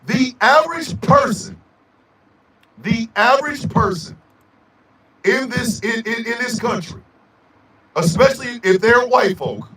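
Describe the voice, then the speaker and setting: A man hosting a radio show, delivering a loud, profane, emphatic rant. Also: very high voice, animated, measured pace, long pauses, slight background noise. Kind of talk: angry ranting monologue. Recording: echoey room, mic at a distance.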